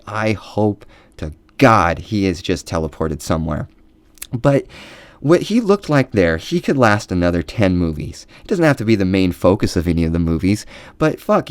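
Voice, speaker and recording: A man with a fairly low voice rants at length, swearing freely and slipping into mocking sarcasm. The sound is close and dry, with no room around it. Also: darkish tone, dry recording. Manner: profane, heated, sarcastic. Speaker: movie ranter. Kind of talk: angry profane rant.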